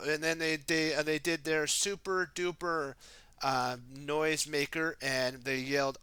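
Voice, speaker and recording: A man's voice: a little high, unhurried, clean tone, no echo. A man reading a children's storybook aloud, chatting casually and asking the listener questions. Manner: shouts the heroes' lines in a raised, excited voice. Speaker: storybook reader. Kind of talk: casual read-aloud for kids.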